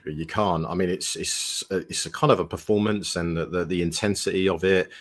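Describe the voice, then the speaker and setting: A man's voice: sits low, steady tone, brisk. A man co-hosting a casual football podcast, reflective and hesitant, often restarting his sentences. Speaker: podcast co-host. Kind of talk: casual chat.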